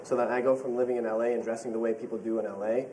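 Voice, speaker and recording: A man's voice: mid-range voice, flat delivery, very fast, warm tone. A young man from Iowa telling a casual story, rambling with lots of "like". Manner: rambling with "like" fillers. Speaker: reality show contestant. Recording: noisy room feed.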